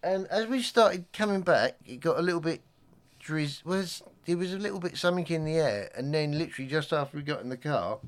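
A man's voice: a little high, lively intonation, a little fast. A man telling a rambling anecdote in casual chat, often acting out what people said. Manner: chatty anecdote-teller, slips into quoted voices.

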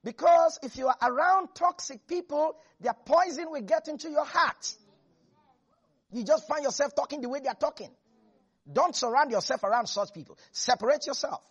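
A preacher delivering a lively sermon, laughing and acting out Bible characters. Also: high-pitched, normal speed, highs cut off.

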